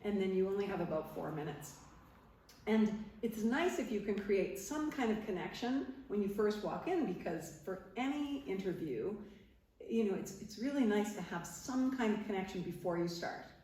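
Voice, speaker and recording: With a mellow, expressive mid-range voice at a moderate pace, this Nova Scotia woman, middle-aged and once a TV interviewer, tells lively stories to a live crowd in a parish hall. She laughs frequently and imitates the people she quotes. The echoey hall makes her sound distant from the microphone.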